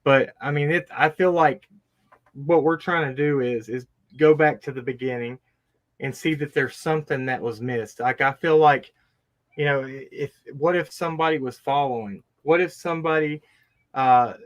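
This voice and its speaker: A man's voice: medium pitch, normal speed. A man interviewing someone in conversation, stammering and restarting his sentences as he speaks with sympathy. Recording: dull lo-fi recording.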